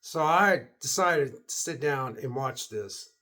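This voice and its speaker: A man's voice: medium pitch, animated, slow, bright, forceful tone. A middle-aged man vlogging a casual, rambling movie review, repeating himself and acting out his own reactions. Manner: rambling and repetitive, quoting himself.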